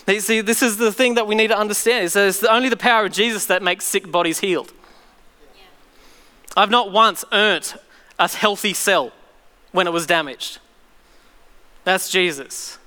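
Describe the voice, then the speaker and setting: A man's voice: high-pitched, normal speed, long pauses, pushed and bright, smooth, in a large hall. A man preaching a sermon to his church, telling stories animatedly and acting out voices. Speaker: pastor.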